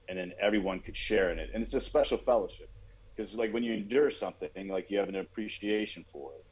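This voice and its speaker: Deep-voiced man musing on army life. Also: darkish tone, rough recording. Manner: reflective, rambling with fillers. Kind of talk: casual podcast chat.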